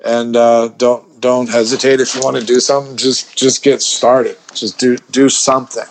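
A man's voice: medium pitch, little pitch movement, normal speed, a little hiss or hum. A man telling a story as a podcast guest, rambling with lots of restarts and swearing freely. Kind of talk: casual storytelling chat.

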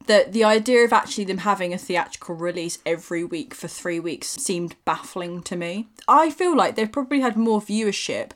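A woman's voice: medium pitch, animated, a little fast, hardly any pauses. Chatty woman co-host, laughing easily. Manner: chatty, laughs often, rambling explanations. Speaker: podcast co-host. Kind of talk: casual film review chat.

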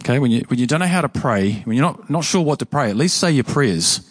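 A man's voice: mid-range voice, lively intonation, fast talker, breathy edge, dry recording. A man with a New Zealand accent preaching a sermon as pastor, earnest and emphatic, often restarting and repeating words. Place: church.

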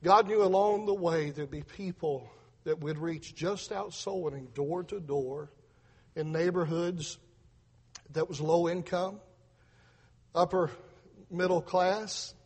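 Middle-aged man, preacher, earnest testimony sermon, high voice, husky tone. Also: slow, pauses often, darkish tone, long reverb tail. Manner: earnest storytelling, repeats words, acts out voices in quotes. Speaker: preacher, father telling testimony.

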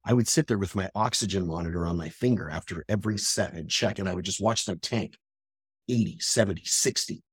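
A middle-aged man delivers a fierce motivational rant as a podcast host, swearing freely and pushing hard at his listeners. His voice is slightly husky, and he sits in a dry, close room. He climbs from low, grim storytelling into loud, high-pitched tirades. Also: a little fast, dry recording. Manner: intense, profane, confrontational; rises to loud ranting. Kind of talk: motivational monologue.

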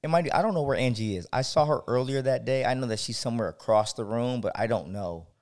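A man co-hosting a casual podcast tells a personal story with animated energy and emphatic asides. His voice sits at a medium pitch for a man. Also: fast. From San Diego. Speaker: podcast co-host.

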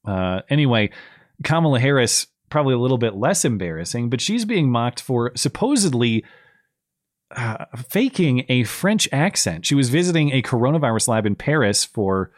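A man hosting a political podcast in a dry, close-sounding recording. His pitch swings widely as he talks. His delivery is sarcastic and animated, and he laughs as he goes. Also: normal speed, no room sound. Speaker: podcast host. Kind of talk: casual political commentary.

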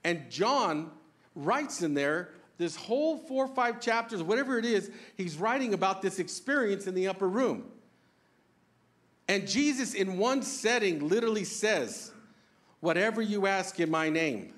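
A pastor preaching an earnest, conversational sermon, asking the congregation questions and joking about himself. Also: male voice, high voice, animated, a little slow, a bit bright. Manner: self-deprecating humor.

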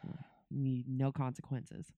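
A woman's voice: extremely low pitch, completely flat delivery, unhurried, mellow, dry recording. A woman co-hosting a podcast in casual chat, laughing often and swearing freely. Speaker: podcast co-host.

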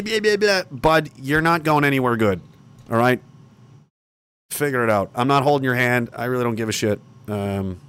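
A man's voice: mid-range voice, smooth. A man hosting a livestream, ranting angrily with heavy profanity and mocking sarcasm. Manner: angry, profane and sarcastic, with bursts of mocking shouting. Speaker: livestream host.

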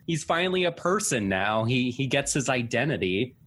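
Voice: medium pitch, very animated, normal speed, a bit bright, breathy edge. A podcast co-host in casual chat, joking and laughing through the lines.

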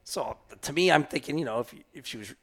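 A hunting guide rambles through a long story on a podcast, full of fillers and restarts and frequent laughter. His voice is medium-pitched, fast, husky, and fairly bright.

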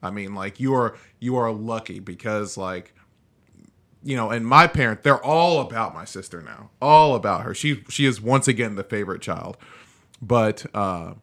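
A man in his thirties with a lowish pitch and a bright, forward tone hosts a podcast in casual conversation. He talks loosely, leaning on filler phrases. His stories come out relaxed and chatty. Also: normal speed. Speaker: podcast host. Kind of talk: casual chat.

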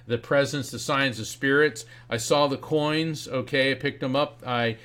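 A man as a guest author and medium in an interview, telling a story in a lively way and acting out the voices he quotes. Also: medium pitch, moderate pace.

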